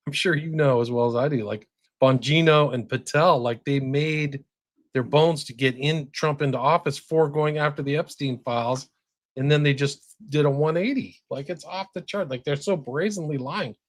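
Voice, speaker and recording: A man's voice: fairly high pitch, normal speed, no echo, studio quality. A man speaking as a podcast guest, emphatic and full of "like"s. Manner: emphatic, peppered with "like". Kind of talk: casual podcast conversation.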